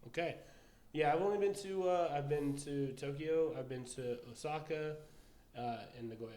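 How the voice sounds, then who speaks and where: A young man co-hosting a podcast in casual chat, easygoing, with quick joking replies. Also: fairly high pitch, mellow. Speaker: podcast co-host.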